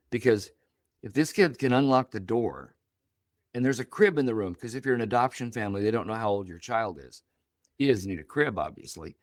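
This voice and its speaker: An older man, a podcast guest, telling a deeply personal story with feeling, acting out the other people's words as he goes. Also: dry recording, studio quality. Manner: emotional, animated storytelling with voiced quotes.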